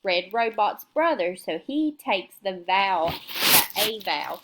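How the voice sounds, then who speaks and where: A woman teaching young children remotely, slowly sounding out words in a patient, sing-song way and answering her own questions. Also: mid-range voice, lively intonation, heavy background noise.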